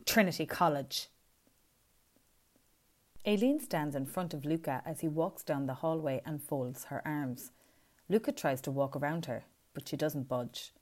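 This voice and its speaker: A woman reading a story as scripted narration, in a measured, even way. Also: low-pitched. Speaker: audiobook reader.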